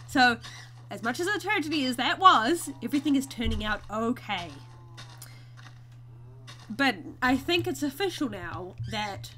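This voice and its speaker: Hosting a gaming video, a woman with a fairly high, sharp-toned voice chats casually and giggles to her viewers while she plays, giving easygoing let's-play commentary.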